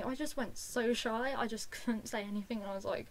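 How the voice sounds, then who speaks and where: A woman, excitedly telling a personal story to the camera in a casual vlog, with lots of "like". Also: a little high, quick pace, low-quality recording. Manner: gushing and excitable, full of "like". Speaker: fan vlogger.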